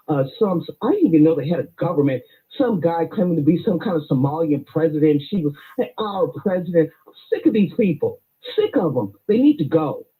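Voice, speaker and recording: A woman calling in to a radio show, speaking in an indignant, emphatic way. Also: low voice. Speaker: caller. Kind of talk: call-in phone conversation. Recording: tinny phone line.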